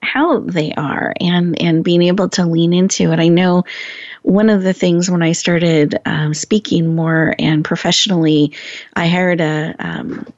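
A woman host in an interview who asks long, rambling, encouraging questions. Her voice is fairly low for a woman. The audio is dull and lo-fi in a dry space. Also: fairly even intonation, measured pace, no echo. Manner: warm, affirming, rambling questions. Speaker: podcast host. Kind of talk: conversational interview. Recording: dull lo-fi sound.

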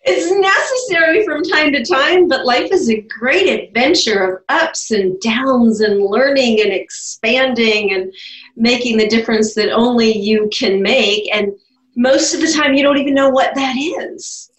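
A woman's voice: high-pitched, unhurried. A middle-aged woman, a guest coach in an interview, telling stories with enthusiasm and frequent laughter. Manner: enthusiastic storyteller, laughs often. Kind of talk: conversational interview. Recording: roomy, distant from mic.

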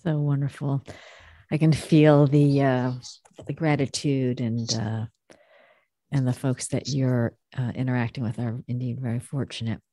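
A woman's voice: a bass voice, flat delivery, warm tone, no echo. Woman host with a dry, close sound. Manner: encouraging, halting with fillers. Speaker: podcast host. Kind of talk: interview hosting.

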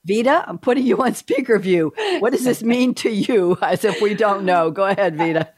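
A woman from New York hosting a talk show over a video call, chatty and lively. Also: medium pitch, no echo. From New York, USA. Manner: lively, chatty, talks quickly. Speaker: host.

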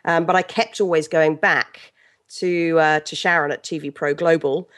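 A middle-aged woman with an English accent, a guest telling stories in a lively, chatty way with many restarts. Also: deep voice, moderate pace. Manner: chatty, animated storyteller with frequent restarts and laughs. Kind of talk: casual interview chat.

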